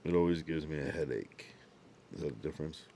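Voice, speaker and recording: Deep-voiced sleepy young streamer. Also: male voice, a little fast, warm tone, a little hiss or hum. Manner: laid-back, drowsy, talks in loose run-on asides with slang. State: sleepy, yawning. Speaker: livestreamer. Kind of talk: casual livestream chat reading viewer comments.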